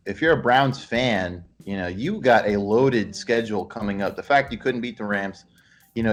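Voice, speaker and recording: A man hosting a casual sports podcast, telling joking stories and chatting with his co-host. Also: lowish voice. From Los Angeles, California. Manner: joking storyteller, lively swings in loudness.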